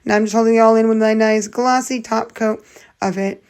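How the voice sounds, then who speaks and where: A woman's voice: on the high side, fairly even intonation, a little fast, darkish tone. A woman hosting a casual nail art tutorial, thinking aloud in a rambling, chatty way that keeps correcting itself.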